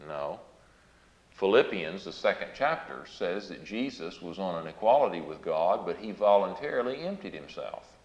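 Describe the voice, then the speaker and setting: A very low-voiced man preaches a Bible sermon, explaining each verse earnestly and leaning hard on the scripture he reads out. The recording is dull and lo-fi, with a roomy echo around him. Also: animated, moderate pace.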